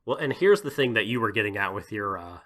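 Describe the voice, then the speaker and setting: A man's voice: lowish voice, animated, quick pace, fairly bright tone. A man co-hosting a podcast, talking casually in a rambling way with lots of "like" and "you know" and frequent laughter. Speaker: podcast co-host.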